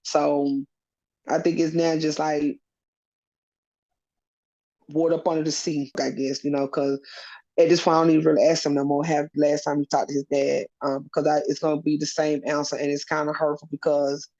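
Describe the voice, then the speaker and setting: Earnest gravelly woman, rambling. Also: deep voice, flat delivery, moderate pace, mellow. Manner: earnest, rambling, many fillers. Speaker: interview guest, custodial parent. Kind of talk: personal interview. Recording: dull lo-fi recording.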